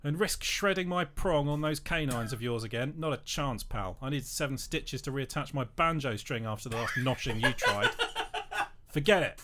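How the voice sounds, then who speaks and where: A brash, crude toy cowboy, put on by a man reading comic fan fiction aloud. He sounds exasperated and pushy. The voice sits a little higher than the reader's own. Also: animated, normal speed, a bit bright, slight background noise, natural voice. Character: frustrated randy male toy cowboy.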